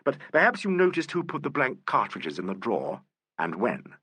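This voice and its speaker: Guy doing a smooth polite detective, bit teasing, lively up and down, audiobook. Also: mid-range voice, normal speed, dry recording, voice pushed up, full character voice. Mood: questioning. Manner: courteous, urbane, gently ironic. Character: suave, polite male police inspector. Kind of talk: audiobook character voice.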